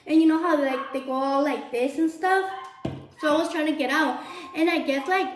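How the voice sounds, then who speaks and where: High-voiced young woman telling a wild story. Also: moderate pace, noisy background. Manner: chatty, animated storytelling full of swearing. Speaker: vlogger. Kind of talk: casual storytime while cooking. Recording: roomy echo.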